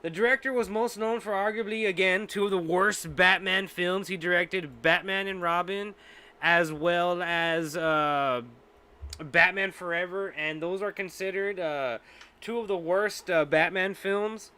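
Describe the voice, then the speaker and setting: A man with a high, bright, forceful voice hosting a podcast. He rants in casual talk, swearing often and sounding fed up, with fillers and restarts throughout. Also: a little slow, smooth. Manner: profane, exasperated ranting. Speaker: podcast host. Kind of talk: casual ranting chat.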